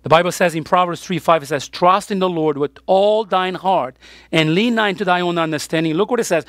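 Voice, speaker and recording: A man's voice: high voice, fairly quick, a bit bright, dry recording, clean studio sound. A man preaching a sermon as pastor, emphatic, with his voice rising on the key points.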